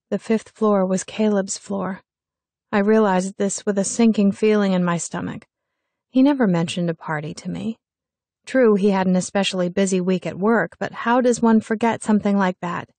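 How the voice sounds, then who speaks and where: A woman's voice: fairly low pitch, steady tone, normal speed, a little mellow, dry recording. Wry young woman narrating a story. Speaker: audiobook narrator. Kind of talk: first-person scripted narration.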